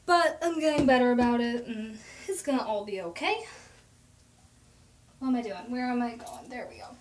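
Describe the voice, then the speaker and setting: A young woman from Oklahoma hosting a casual live stream at home, talking fast and rambling chattily. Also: a little high, darkish tone, a little hiss or hum. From Oklahoma, USA. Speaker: livestream host. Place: at home at her desk.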